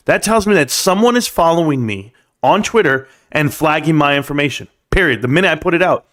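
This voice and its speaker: A man's voice: fairly high pitch, lively intonation, fairly quick, fairly bright tone. A man hosting a live stream, talking casually and emphatically straight to his viewers with rambling asides. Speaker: stock market live streamer.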